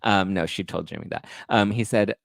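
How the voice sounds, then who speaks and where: Man, very low voice, gossip show host, sassy and sarcastic, dry close sound. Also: moderate pace, gravelly, no room sound. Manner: sassy, sarcastic asides while reading texts aloud. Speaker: pop culture podcast host. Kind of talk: gossipy reality TV commentary.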